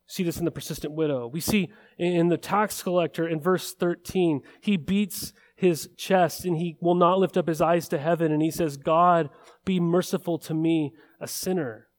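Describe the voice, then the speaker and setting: A man's voice: fairly high pitch, fairly even intonation, moderate pace. A man preaching a sermon in an earnest way, building emphasis with repeated phrases. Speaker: pastor.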